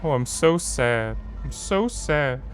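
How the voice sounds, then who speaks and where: A man's voice: on the high side, normal speed, faint music behind, close to an everyday voice. A man putting on the voice of a sad, mopey guy whining and pleading for follows. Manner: whiny, pleading.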